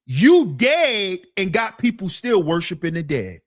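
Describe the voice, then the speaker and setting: A woman streamer giving a ranting commentary, animated and mocking, repeating her points and laughing through them. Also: medium pitch, measured pace, no room sound, studio quality.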